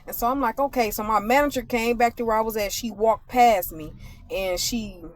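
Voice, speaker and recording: Woman, casual storytime with a spiritual message, animated and chatty, talks straight to viewers. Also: a little high, moderate pace. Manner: animated, conversational, addresses viewers directly. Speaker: vlogger.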